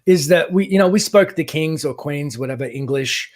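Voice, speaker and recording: A man with an Australian accent chatting casually on a live stream, animated and teasing, swearing freely. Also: fairly high pitch, normal speed. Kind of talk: casual chat.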